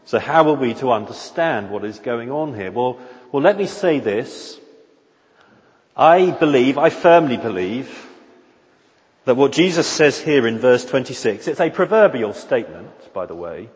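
A man's voice: mid-range voice, lively intonation, a little slow. Man pastor, earnest sermon, long hall echo, dull lo-fi recording. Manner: earnest, emphatic repetition and frequent restarts.

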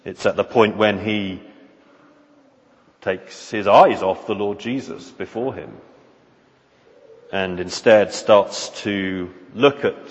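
Man, preacher, sermon, low voice, earnest, dull lo-fi recording. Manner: earnest, measured, rhetorical questions. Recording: reverberant hall, dull lo-fi sound.

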